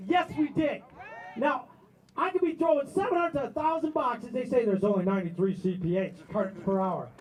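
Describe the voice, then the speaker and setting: A man's voice: very high-pitched, brisk, low-quality recording. A man worker giving a defiant rally speech, answering his own rhetorical questions. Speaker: striking warehouse worker.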